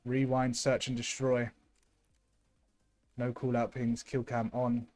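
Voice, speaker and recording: A young man, casting a live esports match with lots of energy, who is losing his voice from shouting. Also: mid-range voice, slow pace, faint music behind. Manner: excitable, shouting thanks to viewers. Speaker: streamer and match caster.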